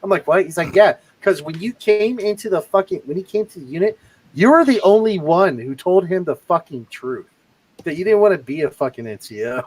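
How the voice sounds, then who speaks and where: A man's voice: high-pitched, brisk, husky, rough recording. A man casually telling army stories on a livestream, swearing freely and acting out the people he quotes. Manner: profane, animated anecdote-telling with quoted voices. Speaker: livestream co-host, army veteran. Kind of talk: casual storytelling chat.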